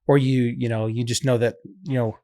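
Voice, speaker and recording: Male co-host, fast and upbeat in delivery, average pitch. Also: level tone, warm tone. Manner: quick, encouraging, talks in bursts. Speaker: podcast co-host. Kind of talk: casual interview chat.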